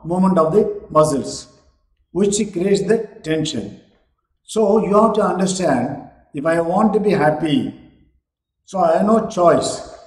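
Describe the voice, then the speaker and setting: Slow, emphatic teacher. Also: male voice, high voice, a little mellow, reverberant, poor audio. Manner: slow and emphatic, stretching key words. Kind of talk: lecture to students.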